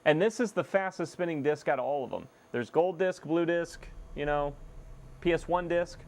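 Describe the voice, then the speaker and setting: A young man casually chatting to viewers on a live stream while repairing a console, excitable and swearing freely. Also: on the high side, normal speed. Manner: excitable, swears, self-deprecating laughs.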